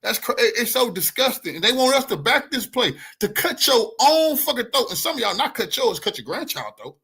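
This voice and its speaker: A man's voice: extremely high pitch, very animated, fairly quick, pushed and bright, husky. A man giving a heated, profane commentary rant as an online news commentator. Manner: angry, profane, preachy.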